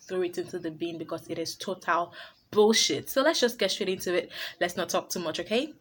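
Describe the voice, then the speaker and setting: Speaking to camera on her own advice vlog, a woman with a fairly low, slightly bright voice is blunt and emphatic. She laughs easily and often repeats her points.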